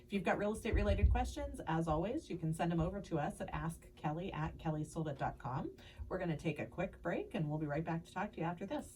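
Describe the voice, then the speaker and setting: A woman hosting a real estate radio show in casual, upbeat chat, quick to laugh and sounding stuffy from a head cold. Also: lowish voice, animated, darkish tone. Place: radio studio. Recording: distant mic with faint noise.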